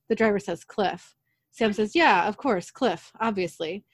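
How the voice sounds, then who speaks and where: A woman's voice: mid-range voice, measured pace, no echo, clean studio sound. A woman recapping a TV episode in casual talk, reading out the characters' lines in her own voice. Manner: animated retelling, quoting characters in her own voice. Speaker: podcast host recapping an episode.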